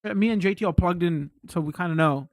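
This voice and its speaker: A British man chatting casually on a live stream, rambling and excitable, swearing freely as he talks to his chat. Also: sits high, quick pace, no echo, clean studio sound.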